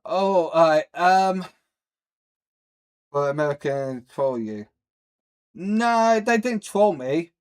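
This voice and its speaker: Slow-talking British man streaming live. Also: on the high side, animated, clean tone. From Britain. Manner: rambling, answers chat, swears casually, many fillers. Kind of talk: casual live stream chat.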